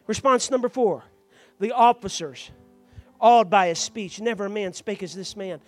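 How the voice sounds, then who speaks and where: Soft background music accompanies a man preaching at a normal speed in a voice that sits high. Addressing his church congregation, he moves from quiet explanation to loud, fervent preaching and calls members by name.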